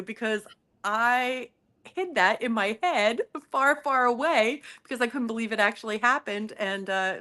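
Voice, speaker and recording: A woman guest in a casual chat, speaking openly and gratefully with lots of little fillers. Her voice is on the high side. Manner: warm, grateful, chatty with fillers. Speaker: guest contributor.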